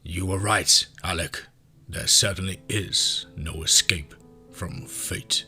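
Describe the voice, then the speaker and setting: The grandfather is an aged, wise man who speaks with a Russian accent, as a male narrator puts him on. He talks in a slow, quiet and reflective way, with a deep voice. Soft music plays under the audio story. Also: fairly even intonation, breathy edge, heavily acted.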